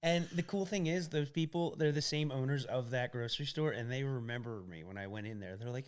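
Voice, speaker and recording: A man, a podcast guest chatting casually, excitable and swearing freely. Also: mid-range voice, fairly quick, few pauses, smooth. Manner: excitable, says "dude" a lot, swears casually. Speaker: podcast guest, hot sauce maker. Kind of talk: casual chat.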